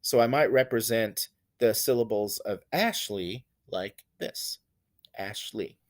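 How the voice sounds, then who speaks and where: A man's voice: on the low side, a little slow. A man teaching a lesson on poetry, explaining stress and rhythm patiently and repeating examples with exaggerated emphasis. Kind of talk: recorded lecture on poetry.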